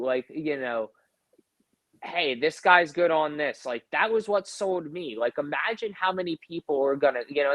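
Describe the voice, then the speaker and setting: A man in his thirties rambles through stories on a podcast, swearing freely and leaning hard on fillers. His voice sits a little high for a man. The sound is dry and close, with no room around it. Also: dry recording. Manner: profane, rambling storyteller full of fillers. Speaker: podcast co-host. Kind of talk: casual chat.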